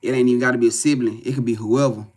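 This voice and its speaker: A man giving a live spiritual reading to viewers, talking in a profane, repetitive, animated way. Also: mid-range voice, racing. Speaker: tarot reader.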